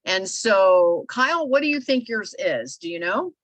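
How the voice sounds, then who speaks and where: A middle-aged woman co-hosting a casual talk show, telling animated stories with lots of filler phrases. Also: mid-range voice, a little slow, dry recording. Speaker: podcast co-host. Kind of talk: casual storytelling chat.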